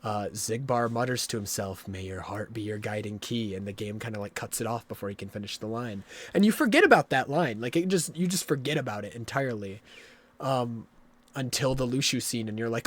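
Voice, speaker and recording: A man streaming a video game live, explaining the story at length in a rambling, excitable way and swearing often. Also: mid-range voice, fairly quick, dry recording.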